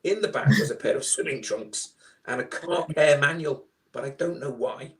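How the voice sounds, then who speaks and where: A man, a guest on a live online chat, telling a story with lively acted-out dialogue over a video call. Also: on the high side, normal speed. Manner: animated storyteller, acts out dialogue.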